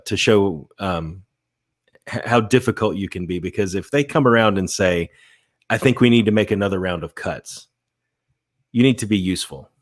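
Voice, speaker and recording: Low-voiced, teasing male podcast co-host. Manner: teasing, gives earnest little speeches. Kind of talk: casual chat.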